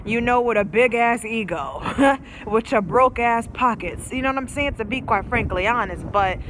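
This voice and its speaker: A woman's voice: on the high side, moderate pace, a bit bright, a little hiss or hum, rough recording. A woman vlogger telling a storytime rant in a blunt, profane, emphatic way.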